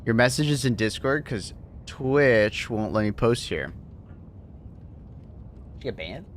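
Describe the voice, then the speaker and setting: A man chatting casually on a livestream, laughing often and thanking viewers excitedly. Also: medium pitch, unhurried, a little hiss or hum. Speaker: streamer.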